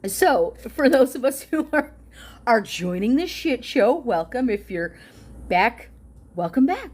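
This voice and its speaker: A woman vlogger with a high voice that swings widely in pitch, talking at an unhurried pace. She chats casually and swears freely, breaking into laughter in exasperation. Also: very animated, darkish tone, husky. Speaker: political vlogger. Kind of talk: casual reaction monologue.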